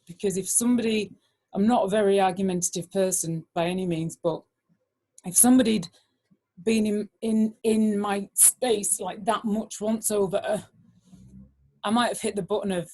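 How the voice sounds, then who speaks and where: A middle-aged woman, a guest speaker, telling a personal story in an animated way, full of "like" fillers. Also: medium pitch, normal speed.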